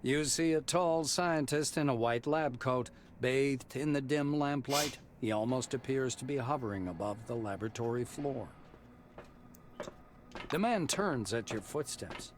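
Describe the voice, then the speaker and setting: Man narrating a game over noise. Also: mid-range voice. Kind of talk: scripted narration.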